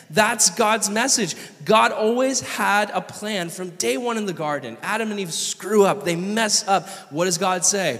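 A man's voice: sits high, a little slow, a bit bright. A man from California, a pastor giving a passionate, conversational sermon and asking the audience questions. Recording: long reverb of a hall.

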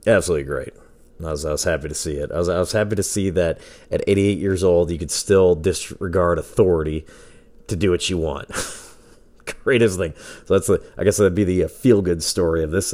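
A man's voice: low-pitched, moderate pace, a little mellow. A man hosting his own podcast from home, telling stories in a loose, profane way and laughing often. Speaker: podcast host. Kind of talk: casual solo podcast storytelling. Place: home with a dog nearby.

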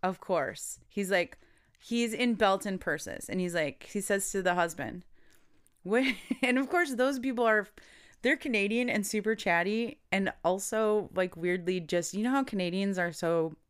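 A woman's voice: medium pitch, normal speed, smooth. A woman co-hosting a podcast, casually telling a story, quoting people and laughing often. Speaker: podcast co-host.

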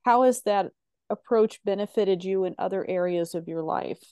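A woman hosts an interview and asks her questions in a measured, thoughtful way. Her voice is mellow and the recording is close and dry, with no room sound. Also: medium pitch, clean tone, no room sound. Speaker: podcast host.

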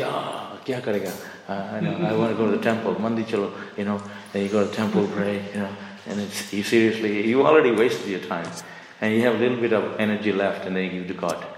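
A middle-aged man with a fairly low voice gives a rambling, conversational sermon, full of fillers and restarts. He is heard in an echoey temple hall with a long reverb tail. A faint hiss sits under the recording. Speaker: speaker giving a scripture class. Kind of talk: informal sermon, storytelling.

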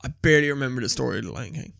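A young man, an animated storyteller who swears freely in casual chat. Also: mid-range voice, very fast, gravelly, dry recording, studio quality. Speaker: podcast co-host.

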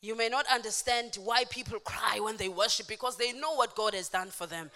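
A woman preacher giving an impassioned sermon, moving from soft speech to shouting, with call-and-response. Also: fairly high pitch, fairly quick, hardly any pauses. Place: church hall. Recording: echoey church hall.

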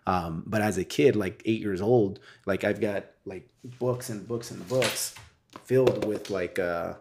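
A man talking as a guest in a casual interview, telling stories in a rambling, animated way with frequent tag questions. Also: on the low side, a little slow, slight background noise. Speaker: podcast guest, real estate wholesaler.

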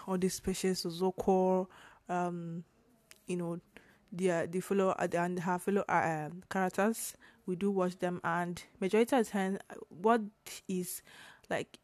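Chatty woman podcast host, slightly hoarse. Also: on the low side, darkish tone, dry recording. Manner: rambling, self-correcting, chatty with fillers. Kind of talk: casual solo podcast talk.

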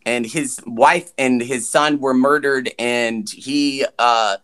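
Bright-voiced man recapping a movie. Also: mid-range voice, fairly even intonation, takes it slowly, smooth. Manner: jokey, swearing, acts out characters' lines. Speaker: podcast co-host. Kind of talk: casual movie recap chat.

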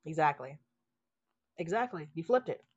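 A woman's voice: low voice, expressive, moderate pace, darkish tone, breathy edge. A woman in casual spiritual chat, talking with emphasis, swearing casually and acting out inner voices. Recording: dull lo-fi sound.

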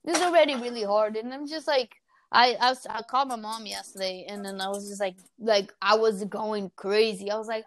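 A woman's voice: medium pitch, steady tone, fairly quick, no echo. A woman in her thirties in casual chat, telling stories animatedly and acting out the voices she quotes. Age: 30s.

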